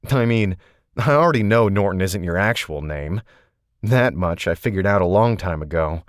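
An angry, bewildered grown man, pushing his voice up and getting louder as he demands answers, as voiced by a male audiobook narrator. The voice sits low even when it rises, and the recording is dry and close. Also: moderate pace, dry recording. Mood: agitated. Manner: agitated, raising his voice. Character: angry, confused adult male agent.

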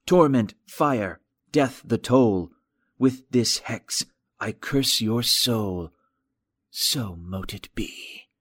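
A man voicing a menacing phone caller who chants a curse in a slow, rasping whisper. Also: mid-range voice, a bit bright, no room sound, full character voice. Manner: slow, deliberate incantation.

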